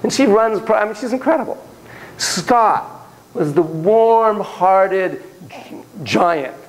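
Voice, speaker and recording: A man's voice: high voice, expressive, slow, rough recording. A man giving a classroom lecture on parenting, acting out quoted voices and digressing with laughter. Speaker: psychology lecturer.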